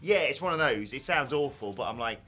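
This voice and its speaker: A man's voice: mid-range voice, lively intonation, fairly quick, bright, forceful tone, soft background music. A British man co-hosting a casual news chat, telling stories in a wry, opinionated way with sarcastic asides. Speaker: co-host of a news show.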